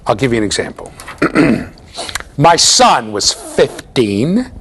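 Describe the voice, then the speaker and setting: A man's voice: medium pitch, sing-song, takes it slowly, fairly bright tone, a little hiss or hum. A middle-aged American man giving a university lecture, telling stories with asides to his students. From United States. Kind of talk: storytelling classroom lecture.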